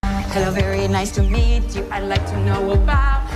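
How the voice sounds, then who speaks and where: A woman's voice: mid-range voice, moderate pace, lightly acted. A woman in a film musical singing, in a polite, sing-song manner, a patient's lines. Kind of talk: sung film dialogue. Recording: roomy film clip with loud music.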